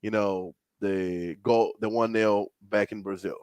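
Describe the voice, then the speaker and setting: A man's voice: fairly low pitch, steady tone, measured pace, darkish tone, clean tone, no echo. A man co-hosting a casual sports podcast, emphatic, with nonstandard grammar. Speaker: podcast co-host.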